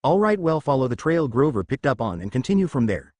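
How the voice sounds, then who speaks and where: A man voicing a calm, watchful young ninja, spoken with a lively delivery. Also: mid-range voice, a little fast, natural voice.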